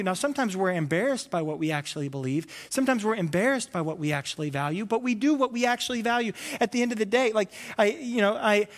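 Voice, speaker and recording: A man preaching a sermon as a pastor, animated and acting out comic voices, a father of several kids. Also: high voice, big-room sound. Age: adult with children. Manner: animated, acts out voices with loud comic bursts.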